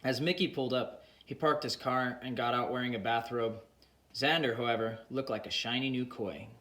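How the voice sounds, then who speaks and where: A man reads a story aloud in a plain, unhurried way. His voice has an ordinary middle pitch for a man. The recording carries a noticeable roomy echo. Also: fairly even intonation, fairly bright tone. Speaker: audiobook narrator. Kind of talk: audiobook narration.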